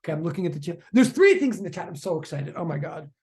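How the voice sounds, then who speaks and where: A physics teacher giving a live online lecture, chatty and excitable, often repeating questions to students in the chat. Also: mid-range voice, rapid-fire.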